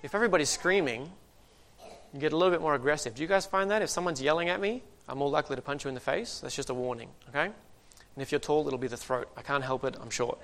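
Man, preacher, sermon, conversational, joking asides, somewhat high voice. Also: fast, a bit bright.

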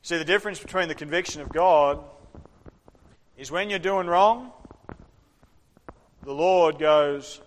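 A man delivers a lively, interactive sermon and slips into short acted voices as he preaches. His voice is fairly high for a man. It rings with the long reverb of a church hall. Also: unhurried, long pauses. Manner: animated preaching, acts out voices.

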